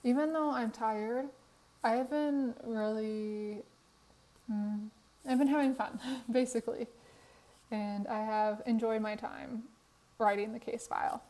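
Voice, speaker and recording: A woman's voice: on the high side, fairly even intonation, a little slow, darkish tone, rough recording. A tired young woman with a worn voice, chatting casually in a voiceover about a game build, laughing often, recorded on her phone in her apartment. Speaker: Sims speed build creator. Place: apartment room.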